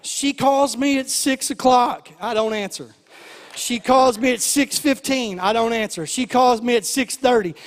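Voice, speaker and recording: A man, a pastor telling a story in a sermon and building to loud, fervent preaching. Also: very high-pitched, unhurried, big-room sound. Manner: storytelling, then shouting, rising preaching.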